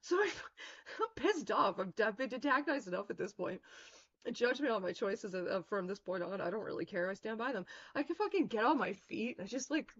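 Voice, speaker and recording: A woman streamer rambles through a story in casual talk, swearing often and leaning on fillers. Her voice sits at a middling pitch. The sound is dull and lo-fi, like a cheap stream mic. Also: sing-song, brisk, a bit bright.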